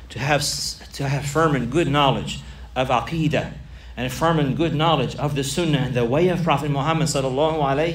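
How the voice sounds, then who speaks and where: A man's voice: a little high, far from the mic. Earnest male preacher, set back from the mic. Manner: earnest, repetitive, emphatic. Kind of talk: sermon.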